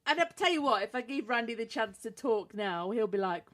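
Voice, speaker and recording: A woman's voice: a little high, lively intonation, a little fast, fairly bright tone. Cheeky British woman co-hosting. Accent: British English. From England. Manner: cheeky, teasing, laughs often. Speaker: radio show co-host. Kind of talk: playful banter on a podcast radio show.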